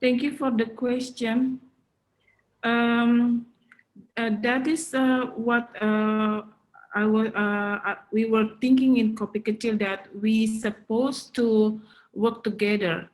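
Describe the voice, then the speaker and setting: A woman from Indonesia, a panelist answering in an online webinar, halting and searching for words. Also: on the high side, little pitch movement, poor audio.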